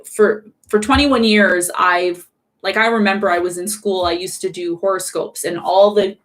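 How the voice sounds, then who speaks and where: Fast-talking woman hosting a live astrology stream. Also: lowish voice, fairly even intonation. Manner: emphatic, repetitive, asks viewers questions. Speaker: astrology channel host. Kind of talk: live-streamed casual teaching.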